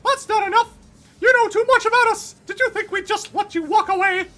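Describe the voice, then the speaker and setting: A man voicing a furious young male gang hacker in a squeaky cartoon-mouse falsetto, shouting threats. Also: a little fast, faint music behind.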